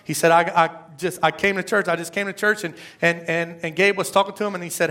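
A man's voice: sits high, steady tone, fast talker, hardly any pauses, fairly bright tone. A middle-aged man preaching a sermon as pastor, emphatic, repeating phrases and asking the congregation rhetorical questions.

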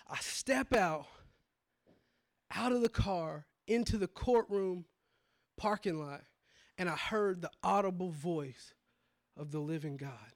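A man preaching his testimony, telling it dramatically and swinging from hushed low moments to shouts. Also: measured pace, pauses often. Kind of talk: testimony sermon.

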